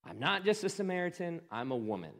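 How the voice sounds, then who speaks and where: An exasperated, disbelieving Samaritan woman at a well speaks in a high voice with wide swings of pitch, voiced by a man telling the story. She fires off incredulous, pleading questions. The voice stays close to his own everyday speech. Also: big pitch swings, fast talker, vocal fry, a bit bright, heavily acted. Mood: bitter.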